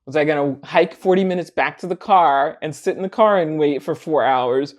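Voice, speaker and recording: A woman's voice: low-pitched, normal speed, dull audio. Woman telling a story, laughs often. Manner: animated, laughs often, acts out quoted voices. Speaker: vlogger. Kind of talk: casual storytelling.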